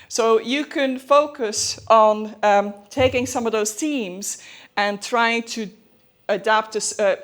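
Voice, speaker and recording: A woman giving a conference presentation in a hurried, chatty way, full of fillers and self-aware asides. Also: on the high side. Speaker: conference speaker. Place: conference hall.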